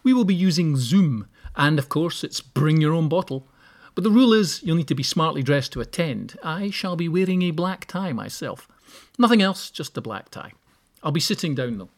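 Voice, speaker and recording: A man's voice: on the high side, animated, normal speed, darkish tone. A man hosting a solo podcast, giving practical tips with wry, joking asides. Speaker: podcast host. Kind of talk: solo podcast advice talk.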